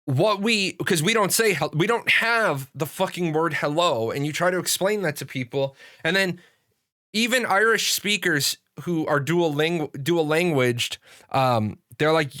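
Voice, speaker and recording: A man's voice: a little high, expressive, measured pace, pushed and bright, no room sound. Rambling male show host, dry sound. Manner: rambling storyteller, many fillers and restarts. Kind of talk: casual livestream chat.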